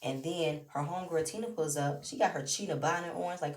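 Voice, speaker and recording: A woman's voice: lowish voice, fast talker, few pauses, darkish tone, distant mic. A woman recapping a reality show in a chatty, opinionated way, talking straight to the viewer. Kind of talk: casual recap commentary. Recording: roomy echo, away from the mic.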